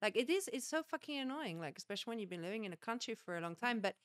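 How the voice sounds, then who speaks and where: A woman's voice: fairly high pitch, expressive, rapid-fire. A woman comedian from England with an English accent, talking frankly and animatedly on a podcast, often swearing. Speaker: guest comedian. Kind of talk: casual podcast chat.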